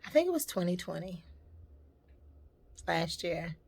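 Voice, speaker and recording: Woman vlogger with a slightly low voice, heartfelt and reflective in a personal storytime. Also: very animated, unhurried, creaky, darkish tone, husky.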